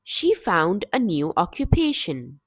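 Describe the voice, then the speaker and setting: A woman teaching English vocabulary in a slow, deliberate scripted lesson, with measured, clear word-by-word delivery. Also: on the low side, wildly swooping pitch, no echo, studio quality.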